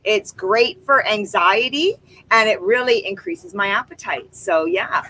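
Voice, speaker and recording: Co-hosting a casual livestream from her backyard, a woman chats and reads viewer comments aloud over a laptop microphone. Her mid-range voice is pushed and bright at a measured pace, and the recording is rough.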